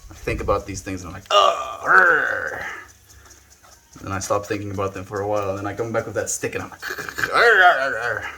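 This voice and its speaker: Soft-spoken South African man, lowish voice. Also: little pitch movement, racing, few pauses, a little hiss or hum. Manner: chats with viewers, trails off with "you know". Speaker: livestreamer. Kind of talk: casual live-stream chat.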